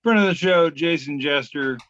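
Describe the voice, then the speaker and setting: A man hosting a casual comedy podcast, reading out memes in a wry, deadpan way with filler pauses. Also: a little high, dry recording, lo-fi sound.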